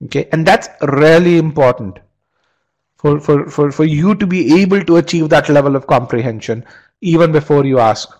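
A man with a fairly high voice runs a live online test-prep class. He talks through an argument step by step, fires questions at the students, and stumbles into repeated words when he restarts a phrase. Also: moderate pace, a little mellow, low-quality recording. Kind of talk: live webinar teaching.

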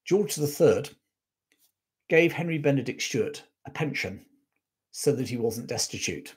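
A man's voice: mid-range voice, a little mellow, slightly rough. A man hosting a live history stream, chatting enthusiastically with viewers and going off on asides. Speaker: history channel host. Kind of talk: live-stream chat, answering viewer questions.

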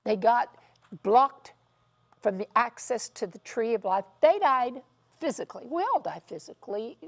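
A woman's voice: a little high, expressive, moderate pace. A woman teaching in a televised Bible study discussion, with emphatic, dramatic preaching delivery. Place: television studio set.

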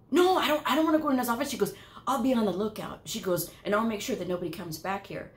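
A woman's voice: mid-range voice, a bit bright. A woman hosting her own channel, telling a workplace story in a chatty way, laughing often and checking in with her listeners. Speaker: medical coding channel host. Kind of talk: casual storytelling vlog. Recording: echoey room.

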